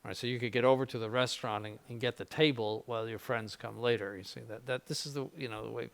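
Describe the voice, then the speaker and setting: An older man speaking to seminarians in a loose, conversational way, often stumbling over and repeating his words. His voice has a gravelly, creaky texture at an ordinary middle pitch, and he slips in dry, ironic asides. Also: fairly even intonation, quick pace. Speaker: bishop giving a spiritual conference to seminarians. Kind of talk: informal spiritual conference.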